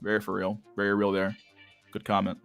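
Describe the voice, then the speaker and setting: Crude, slangy young man with a low voice. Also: completely flat delivery, fairly quick, vocal fry, a bit bright, clean tone, no room sound, soft background music. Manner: crude, slangy, laughs often. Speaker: livestream host reading chat. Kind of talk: casual chat.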